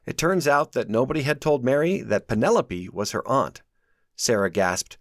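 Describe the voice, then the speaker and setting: Here the author narrates his own first-person novel for an audiobook with lively intonation, medium pitch, and normal speed. His telling is expressive, and the studio sound is clean and echo-free.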